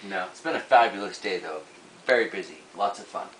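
A man's voice: low voice, animated, a little fast, a bit bright, slightly rough, rough recording. A man co-hosting a casual home vlog, easygoing and matter-of-fact. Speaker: vlogger co-host.

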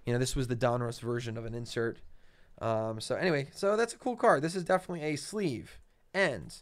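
A man's voice: medium pitch, a little fast, no echo. A man co-hosting a card-collecting show, chatting casually and naming cards as he opens packs. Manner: easygoing, lots of fillers, names cards aloud. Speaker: co-host opening card packs. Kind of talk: casual chat.

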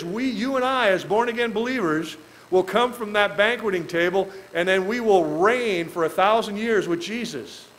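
A man with a fairly high voice leads a verse-by-verse Bible study from the pulpit. His delivery is folksy and animated, full of chatty joking asides and small chuckles. He slows down to read the scripture aloud. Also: rough recording. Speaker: pastor. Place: church.

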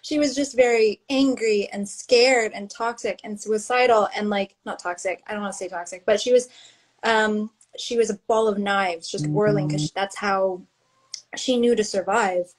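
A woman's voice: mid-range voice, moderate pace, poor audio. A woman author in candid, casual conversation on a video livestream, laughing often and speaking openly. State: tearful near the end. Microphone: livestream video call.

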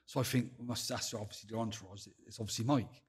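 A podcast guest from England with a Bristol accent speaks fast in a husky, low voice with fairly even intonation. He tells stories casually, swearing heavily, acting out the dialogue and laughing as he goes.

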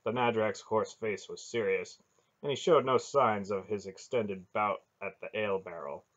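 A man reading a fantasy novel aloud as an audiobook, in steady, plain narration. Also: fairly low pitch, moderate pace, lo-fi sound. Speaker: audiobook reader.

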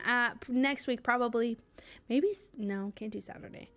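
Young woman streamer, slightly high, chatty and scattered, constant fillers, thanks her chat. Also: normal speed, a bit bright, clean tone. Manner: rambling and chatty, trailing off with many fillers; bubbly, reads out and thanks viewers. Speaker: game streamer. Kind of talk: live gameplay stream chatter.

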